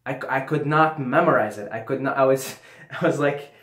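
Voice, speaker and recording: A young man casually telling a trip story on his vlog, animated and swearing, sometimes dropping to a mumble. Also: mid-range voice, a little fast. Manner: animated, swearing, drops to mumbling and whispers when quoting himself. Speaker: vlogger. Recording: echoey room.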